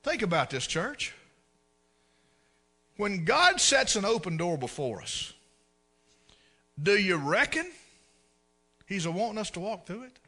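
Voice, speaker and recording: A man's voice: sits high, unhurried, pauses often. A man preaching a sermon, telling folksy stories and acting out the scenes. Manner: folksy, animated storyteller who acts out scenes. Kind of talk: storytelling sermon.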